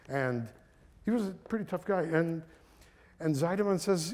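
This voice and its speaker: An older man from Kazakhstan, an author telling his family's story and reading from his book in an animated way. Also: a little high, moderate pace. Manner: animated storyteller, thinks aloud with restarts.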